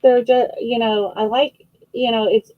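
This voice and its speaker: A woman hosting a live vintage auction stream, chatting casually as she describes each item, with frequent fillers and quick self-corrections. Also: fairly high pitch, little pitch movement, no room sound, narrow, tinny audio.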